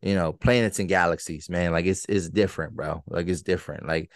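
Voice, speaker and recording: A man's voice: sits low, steady tone, fairly quick, dry recording, studio quality. A man hosting a podcast in casual solo commentary, emphatic and choppy, often repeating words as he gets worked up. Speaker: podcast host.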